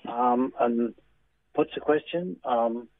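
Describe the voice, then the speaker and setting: A man calling in to a radio show, halting and searching for his words. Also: mid-range voice. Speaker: caller. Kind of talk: casual radio call-in chat. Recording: thin phone line.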